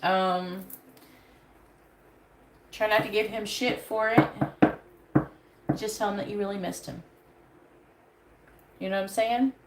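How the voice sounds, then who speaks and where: A woman's voice: medium pitch, steady tone, slow pace, pauses often. Blunt, profane tarot reader woman. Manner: blunt, profane, advice-giving. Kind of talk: live-stream tarot reading. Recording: echoey room with faint background noise.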